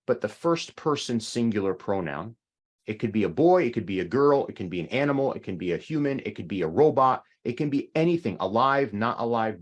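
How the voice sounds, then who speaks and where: A man teaching an online language lesson, explaining slowly and repeating sounds for learners. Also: on the low side.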